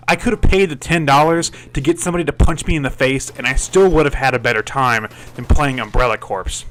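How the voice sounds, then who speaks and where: A man's voice: mid-range voice, a bit bright. A man doing a game review voice-over, swearing a lot and stumbling over his words as he complains. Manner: profane and exasperated, stammers and restarts.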